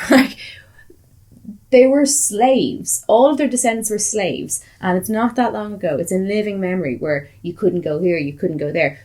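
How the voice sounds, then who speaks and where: A woman's voice: medium pitch, a little mellow. An Irish woman hosting a casual chat, blunt and sweary, telling stories with animation. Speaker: podcast host.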